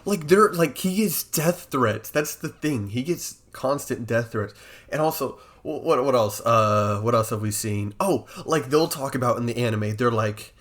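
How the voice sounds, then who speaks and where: A young man co-hosting a casual podcast, rambling in an animated way with lots of fillers. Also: medium pitch, a little slow. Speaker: podcast co-host. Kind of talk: casual chat.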